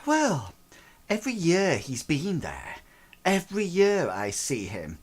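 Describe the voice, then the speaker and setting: A man voicing a bored, spoiled teenage girl who drawls quietly. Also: fairly high pitch, wildly swooping pitch, takes it slowly, husky, pitched above the performer's own voice, full character voice.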